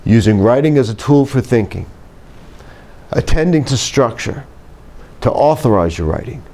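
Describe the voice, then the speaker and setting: A man who teaches writing, delivering a scripted lecture in a measured, emphatic way and dropping his pitch to close each point. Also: expressive, warm tone. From United States. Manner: measured, emphatic, drops pitch at phrase ends. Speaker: writing instructor.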